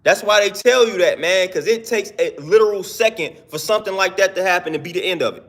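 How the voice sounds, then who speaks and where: A man's voice: high voice, quick pace, fairly bright tone. A young man in his twenties talking earnestly in a casual live-stream monologue, slangy and repeating himself for emphasis.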